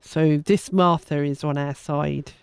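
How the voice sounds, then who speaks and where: A woman's voice: low-pitched, steady tone, takes it slowly, creaky, a little mellow, clear, resonant tone, no room sound. An older woman hosting a casual let's play, chatting and rambling with self-mocking asides. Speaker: gaming channel host.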